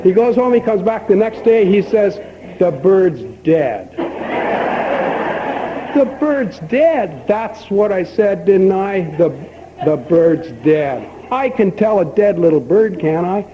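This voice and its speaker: An older man speaking at a recovery meeting, telling a long folksy joke and acting out both characters with lively emphasis. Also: high voice, unhurried. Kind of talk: storytelling talk at a recovery meeting. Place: meeting hall. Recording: dull lo-fi archival tape with faint hiss.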